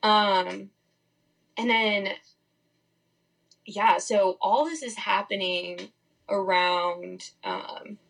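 A woman's voice: mid-range voice, fairly even intonation, very slow, vocal fry, pauses often, fairly bright tone, low-quality recording. A young woman speaking as a podcast guest, sharing a personal faith testimony in a candid, rambling way full of "like" fillers. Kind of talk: casual testimony.

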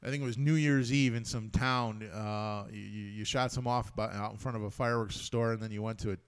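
Guy hosting a podcast, smooth voice, chatty, running the show. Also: lowish voice, fairly even intonation, brisk. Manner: chatty, leads the bracket picks. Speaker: podcast host. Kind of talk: casual podcast chat. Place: podcast studio.

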